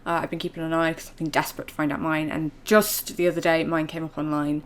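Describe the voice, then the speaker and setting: A woman's voice: low voice, level tone, fast talker. A woman chatting casually to her viewers in a vlog, rambling with plenty of fillers. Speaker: vlogger.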